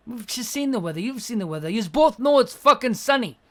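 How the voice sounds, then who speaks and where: A woman hosting an advice show, giving blunt, profane advice and acting out quick mock scenes along the way. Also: fairly high pitch, expressive. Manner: acts out little scenes in quick mock voices. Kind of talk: casual advice rant.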